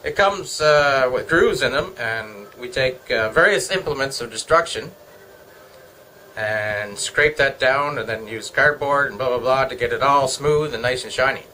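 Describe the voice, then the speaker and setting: A man's voice: mid-range voice, unhurried, pushed and bright, a little hiss or hum, low-quality recording. A middle-aged Canadian man chatting casually at home, joking and wandering from topic to topic. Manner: joking, meandering, talks to himself. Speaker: vlogger. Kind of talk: casual rambling chat.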